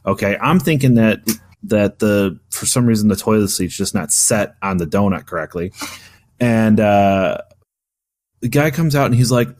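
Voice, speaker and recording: A man's voice: on the low side, normal speed, a little mellow. A man hosting a casual gaming podcast, telling a long story with lots of fillers and restarts. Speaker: podcast host.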